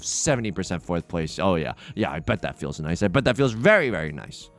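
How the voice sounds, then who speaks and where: A man's voice: lowish voice, sing-song, fast talker, few pauses, a bit bright, faint music behind. A young man hosting a let's play, chatting casually and mock-outraged at his luck in a self-deprecating way. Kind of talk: casual gameplay commentary.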